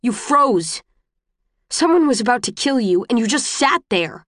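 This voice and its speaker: A woman's voice: fairly low pitch, steady tone, brisk, no echo, studio quality, close to an everyday voice. A woman reading a terse young man. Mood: angry. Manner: sharp and blunt, raising his voice. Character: terse, tense young man fleeing danger.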